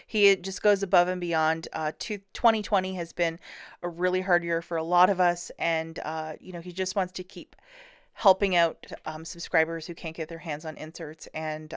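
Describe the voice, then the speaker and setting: A woman talks to the camera in a chatty, upbeat way, stopping often for ums and uhs. Her voice is smooth and clear and sits at an ordinary middle pitch. The sound is dry, with almost no room echo. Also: fairly bright tone. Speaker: couponing channel host. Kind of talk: casual direct-to-camera vlog.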